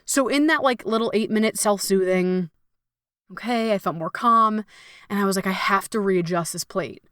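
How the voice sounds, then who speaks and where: A young adult woman who hosts a podcast and works as a coach delivers a casual solo monologue, expressive and freely profane, voicing her inner thoughts as characters. Her medium-pitched voice is fairly bright and smooth, moving at a moderate pace, recorded in studio quality with no echo.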